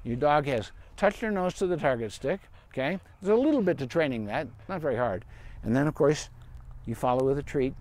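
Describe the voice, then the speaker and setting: A man's voice: a little high, lively intonation, a little fast, a little mellow. A man, a veterinarian, giving dog training advice in a casual, rambling live-stream Q&A outdoors in a park. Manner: chatty and rambling, with asides and fillers.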